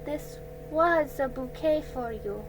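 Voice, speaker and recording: A woman's voice: very high-pitched, slow pace, background noise, voice pushed up. A woman reading a storybook aloud, voicing a young girl who is heartbroken, furious and close to tears. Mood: shaky, sad. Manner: shouting in anger, then shaky and tearful.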